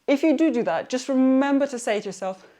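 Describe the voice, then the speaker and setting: A woman's voice: high voice, expressive, fast talker, dark tone. Upbeat chatty young woman fitness vlogger. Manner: chatty, upbeat, encouraging, self-teasing. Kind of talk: casual motivational workout vlog. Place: home workout, partly outdoors.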